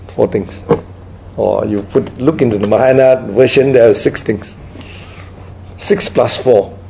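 A man leads a Buddhist dharma talk in an unhurried, storytelling way. He keeps checking in with his listeners. His voice is gravelly and mellow, with a faint hiss behind it. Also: mid-range voice, low-quality recording. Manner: tag questions like "right?" after nearly every point. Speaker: Buddhist teacher. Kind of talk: dharma talk with audience questions.

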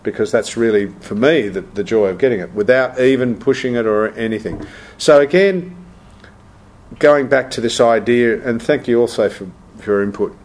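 A man's voice: medium pitch, normal speed, a little mellow. A man with a mid-range voice gives a reflective talk as a meditation teacher. He tells anecdotes and acts out the people he quotes. He often repeats words as he searches for the next thought.

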